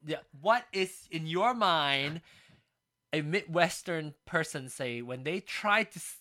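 A podcast co-host chatting casually on a close, dry mic. The voice is bright and sharp. The pitch swings widely as the thoughts ramble and restart. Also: expressive, no room sound. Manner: rambling, halting, full of restarts.

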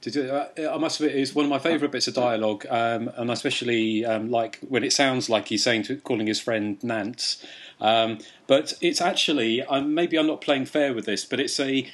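A man's voice: mid-range voice, moderate pace, fairly bright tone. A man hosting a casual podcast chat, talking in a chatty way with many hesitations. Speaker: podcast host.

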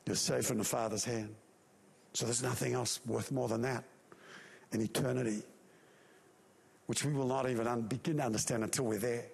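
A man preaching a sermon, telling a story with animated, acted-out voices and sound effects. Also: medium pitch, creaky, big-room sound.

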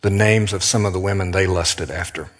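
A man preaching a sermon as a pastor, earnest and emphatic, slowing down with dramatic pauses. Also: low voice, fairly even intonation, in a large hall.

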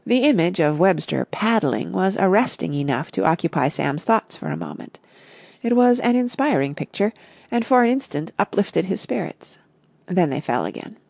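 A woman narrates an audiobook with a husky, lowish voice and a gravelly edge. Her delivery is expressive and varied in pitch. The sound is dry and close. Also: normal speed, dry recording. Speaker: audiobook reader.

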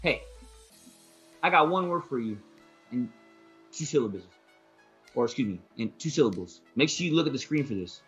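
A man co-hosting a casual basketball podcast, talking fast and emphatically and leaning on "most importantly". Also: medium pitch, lively intonation, a bit bright, husky, lo-fi sound, faint music behind. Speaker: podcast co-host, basketball analyst. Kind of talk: casual sports talk.

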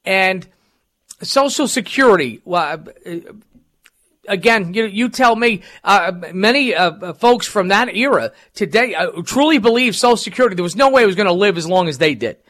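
A man with a high-pitched voice hosts a talk radio show. He rambles casually, with plenty of fillers and restarts. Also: lively intonation, normal speed, a bit bright.

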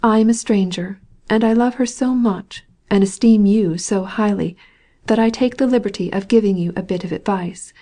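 A woman reading the part of a fashionable, sarcastic society princess who flatters with an ironic, gushing manner, in a storybook reading. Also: mid-range voice, moderate pace, lightly acted. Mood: earnest.

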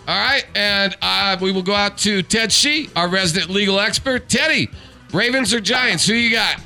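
Sports radio host, male, high, very bright tone, light music under him. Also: moderate pace, gravelly. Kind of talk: casual sports betting chat.

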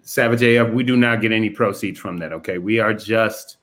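A man from the Detroit area co-hosting a casual political chat, excitable and profane, quoting people in mock voices. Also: on the low side, brisk. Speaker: podcast co-host.

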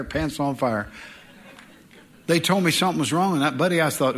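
A middle-aged pastor preaching a sermon in an animated way, with joking asides and mock voices. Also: male voice, fairly high pitch, moderate pace.

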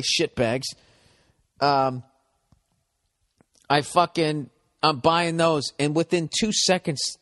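A man's voice: medium pitch, in a large hall. A man hosting a solo podcast, telling stories in a profane, self-mocking ramble. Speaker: podcast host.

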